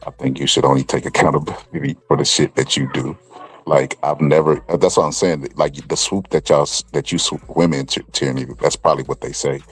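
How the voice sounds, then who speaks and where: A man's voice: very deep voice, steady tone, breathy edge, no room sound, poor audio. A man arguing bluntly on a live-stream debate, stumbling over his words and cursing freely. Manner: blunt, halting, curses freely.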